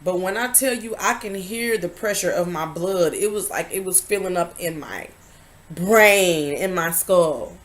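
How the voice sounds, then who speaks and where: A woman vlogger telling a candid personal story, emphatic and confiding, swinging between loud stresses and hushed asides. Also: on the low side, measured pace.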